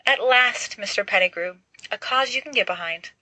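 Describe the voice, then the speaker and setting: A woman's voice: mid-range voice, moderate pace, bright, forceful tone, dry recording, voice pushed up, poor audio. A woman voicing an old male wizard headmaster who speaks in a dry, amused, long-winded way.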